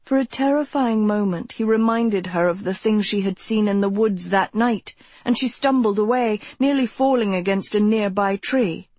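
A woman narrating a novel as an audiobook, in even, measured storytelling. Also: mid-range voice, no echo.

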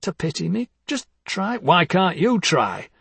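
A man reading the part of a frightened wife, pleading in a soft, tearful, raised voice. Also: high voice, sing-song, measured pace, creaky, slightly rough, dry recording, full character voice. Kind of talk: dramatic audiobook reading.

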